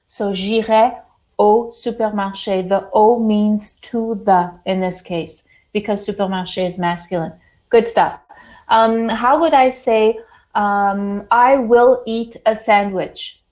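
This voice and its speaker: A woman teaching a French lesson to a class, slow and deliberate, praising students often. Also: on the high side, darkish tone, low-quality recording.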